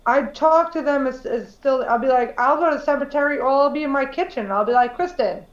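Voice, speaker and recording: A woman's voice: sits high, fairly quick, reverberant, lo-fi sound. A woman co-hosting a podcast in casual chat, candid and swearing freely, with lots of "like". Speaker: podcast co-host.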